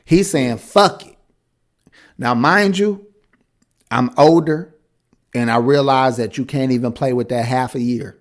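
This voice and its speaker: A man's voice: mid-range voice, measured pace, pauses often. A man co-hosting a podcast in casual chat, blunt and crude, often laughing as he riffs. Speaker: podcast co-host.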